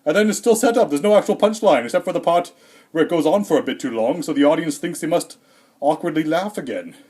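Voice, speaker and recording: A man doing a rambling, deadpan comedic monologue in character as Santa, hesitant and full of fillers, a little out of breath. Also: fairly high pitch, fast talker. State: slightly out of breath.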